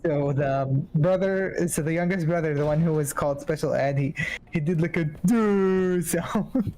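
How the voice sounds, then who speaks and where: A co-player on a game stream, chatting and teasing in a relaxed, drawn-out way. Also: mid-range voice, a little hiss or hum. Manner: slow, drawn-out joking delivery. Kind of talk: casual chat while gaming.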